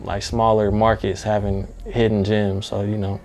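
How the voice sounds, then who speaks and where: Low-voiced laid-back male interviewer. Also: level tone, normal speed, a little mellow, faint music behind. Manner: laid-back, hesitant with fillers. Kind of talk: casual interview questions.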